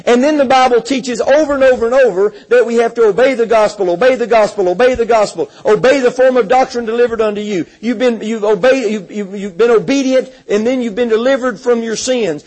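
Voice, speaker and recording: Male preacher, high husky voice, emphatic sermon delivery with scripture readings. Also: darkish tone, low-quality recording. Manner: emphatic, repeats words, reads scripture aloud.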